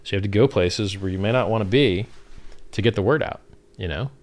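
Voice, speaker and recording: A man hosting a livestream, talking casually in an animated, blunt way and swearing freely. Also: fairly low pitch, brisk. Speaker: livestream host.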